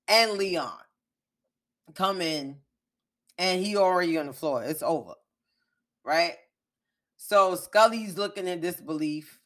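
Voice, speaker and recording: This is a woman hosting her own podcast, walking through a TV episode in relaxed, unscripted chat. Her voice sits somewhat low. She talks with a lot of energy, swears freely and punches the key beats as she tells the story. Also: slow, pauses often. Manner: animated, profane, emphatic storytelling. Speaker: podcast host. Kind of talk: casual TV recap chat.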